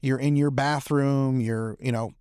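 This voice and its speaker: A man guest on a podcast, chatting casually and telling stories in an animated way, laughing often and saying "man" a lot. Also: medium pitch, measured pace, clear, resonant tone, no echo, clean studio sound. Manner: animated, laughs often, lots of fillers like "man" and "you know". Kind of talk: casual chat, storytelling.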